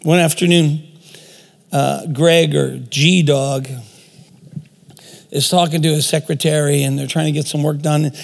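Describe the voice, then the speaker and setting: Gravelly high-voiced man preaching. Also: fairly even intonation, measured pace, long pauses. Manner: storytelling with rhetorical questions, self-deprecating asides. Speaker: speaker. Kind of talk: sermon. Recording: long reverb of a large hall.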